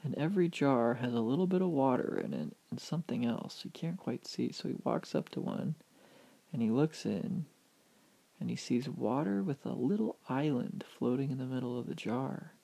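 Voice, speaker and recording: A man telling a fanciful story aloud with animated, vivid narration. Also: mid-range voice, normal speed, vocal fry. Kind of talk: oral storytelling.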